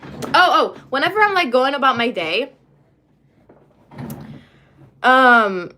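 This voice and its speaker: A woman's voice: high-pitched, sing-song, normal speed, bright, forceful tone, slight background noise. A young woman from Lebanon chatting on a livestream, rambling and losing her train of thought as she reads comments aloud. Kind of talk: casual livestream chat, reading comments.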